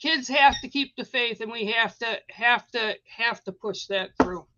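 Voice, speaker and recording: A woman's voice: fairly high pitch, measured pace, highs cut off, background noise. A woman hosting a spiritual live stream, telling a personal story in a casual, rambling way with lots of fillers. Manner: chatty, rambling, many fillers.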